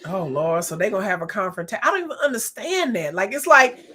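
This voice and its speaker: A woman hosting a reaction video, talking in a casual, animated and blunt way, often exclaiming and laughing as she comments. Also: mid-range voice, fast, background noise.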